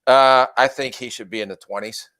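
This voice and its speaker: A man co-hosting a sports podcast, answering in a plain, measured way with short verdicts. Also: medium pitch, fairly even intonation, bright, forceful tone, no echo. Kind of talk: casual sports podcast chat.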